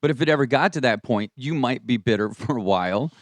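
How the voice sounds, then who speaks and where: Quick-talking radio co-host. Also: male voice, medium pitch, animated, dry recording. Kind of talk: casual radio banter. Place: radio studio.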